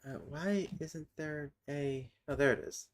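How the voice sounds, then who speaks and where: Woman streamer, slow casual talk, thinking aloud, keyboard clicks behind. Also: sits low, slight background noise. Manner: slow, muttering while typing and looking things up. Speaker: streamer building a constructed language. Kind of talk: casual livestream chat. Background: keyboard typing and clicking.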